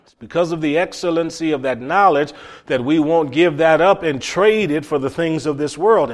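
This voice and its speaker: A man preaching a sermon, building emphasis through repeated phrases. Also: on the high side. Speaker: pastor.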